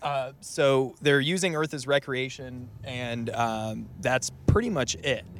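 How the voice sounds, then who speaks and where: Man, host, casual group chat, filler-heavy, mid pitch, faint noise. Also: slow pace, a bit bright. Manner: laying out scenarios with fillers.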